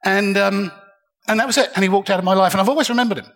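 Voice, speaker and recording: A man's voice: high voice, rapid-fire, fairly bright tone. An older man telling a comic, self-mocking story live on a festival stage. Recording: reverberant hall.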